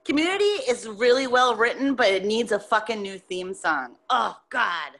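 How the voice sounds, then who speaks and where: A woman guest on a podcast, a musician, chatting casually in a loose, animated way with a lot of swearing. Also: a little high, moderate pace. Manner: loose, profane, animated storytelling. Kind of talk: casual interview chat.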